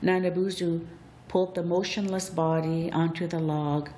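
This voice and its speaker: A woman telling a folk tale aloud, in a deliberate, expressive storytelling manner. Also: lowish voice. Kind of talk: storybook narration.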